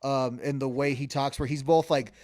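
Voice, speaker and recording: A man speaks as co-host of a casual music show, his talk loose and meandering, packed with restarts and fillers, with melodies hummed in between. He has a mid-range, steady, slightly mellow voice at a moderate pace, in a dry, clean studio recording.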